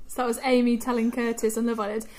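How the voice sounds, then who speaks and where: A woman's voice: on the high side, a little mellow, slight background noise. A young woman co-hosting a podcast, telling stories in a giggly, chatty way. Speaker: podcast co-host. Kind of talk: casual chat.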